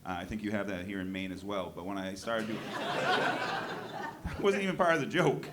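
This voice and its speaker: A man doing a stand-up set, telling deadpan one-liners and now and then breaking into loud outbursts at the audience. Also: lowish voice, normal speed. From New Hampshire. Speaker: stand-up comedian. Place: comedy club stage. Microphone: handheld stage mic. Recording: live club recording with crowd noise. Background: audience laughter.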